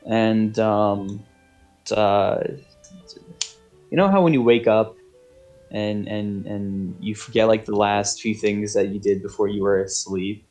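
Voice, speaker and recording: A man's voice: fairly low pitch, fairly even intonation, slow pace, darkish tone, soft background music. A man narrating as game master, rambling and hesitant with many fillers. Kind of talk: narrating a tabletop game over voice chat.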